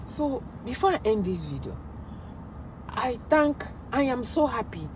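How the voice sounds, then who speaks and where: Impassioned Nigerian woman, lively ranting voice. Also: a little high, measured pace, background noise. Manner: emphatic, ranting, loud outbursts. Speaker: vlogger commenting on news. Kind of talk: impassioned commentary vlog.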